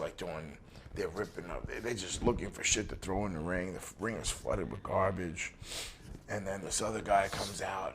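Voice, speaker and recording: A man telling a long casual story as an interview guest, swearing freely and recounting old conversations. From New Jersey. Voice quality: deep and gravelly, swears freely. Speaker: interview guest, former wrestler. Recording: faint background noise.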